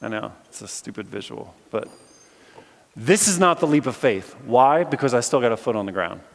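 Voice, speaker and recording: Animated male preacher in an echoey hall. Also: mid-range voice, moderate pace, gravelly. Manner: lively storytelling, acts out voices in the story. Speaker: philosophy teacher giving a chapel message. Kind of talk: sermon. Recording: echoey hall with long reverb.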